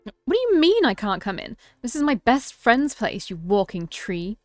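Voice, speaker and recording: A woman voicing a fiery, blunt young woman in a visual novel, quick to take offense. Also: medium pitch, expressive, no echo, soft background music, lightly acted. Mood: indignant. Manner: indignant, sharp.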